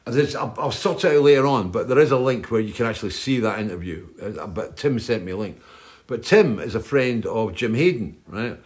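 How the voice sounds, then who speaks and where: A man's voice: on the low side, lively intonation, a little fast, darkish tone. Rambling older man telling stories. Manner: chatty, keeps adding "right?". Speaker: host. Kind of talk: rambling storytelling chat.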